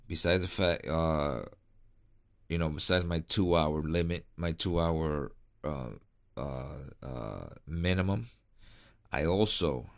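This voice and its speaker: Very deep-voiced laid-back rambling man. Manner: rambling, many restarts and fillers, laid-back. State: tired, yawning late at night. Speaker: cigar vlogger. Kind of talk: casual rambling monologue.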